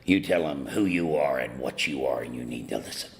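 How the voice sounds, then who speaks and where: A gruff male sponsor who barks short, blunt orders, as the man telling the story quotes him. The voice sits deep and low. It stays clipped and commanding throughout. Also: a little fast. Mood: stern. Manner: curt, commanding.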